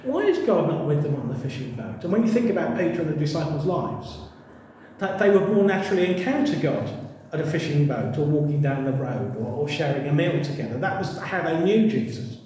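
A man preaching a sermon in a church, animated and humorous, acting out little voices as he tells the story. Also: fairly high pitch, fairly quick, a little hiss or hum. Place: church hall. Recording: distant mic in echoey hall.

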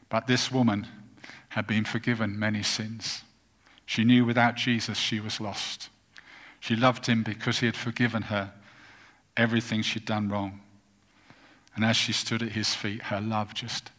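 A man preaching a sermon as a pastor, earnest and deliberate, leaning on repetition for emphasis. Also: lowish voice, fairly bright tone. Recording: long reverb of a large hall.

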